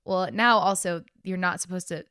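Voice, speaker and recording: Lively young woman co-host. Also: on the low side, clear, resonant tone, no room sound, studio quality. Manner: animated, joking, quick to correct others. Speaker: podcast co-host. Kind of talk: casual podcast chat.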